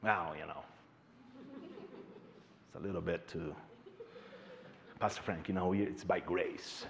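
A man voicing a doubtful male churchgoer who objects hesitantly in a low voice. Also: gravelly, a little hiss or hum, full character voice. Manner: hesitant, drawn-out.

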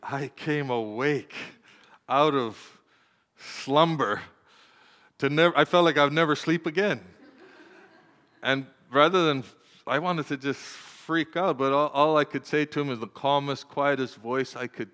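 An older man, a preacher and grandparent, telling a personal story in a sermon, moving from quiet storytelling to urgent, impassioned pleading. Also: on the high side, moderate pace, smooth. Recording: hall with long reverb.

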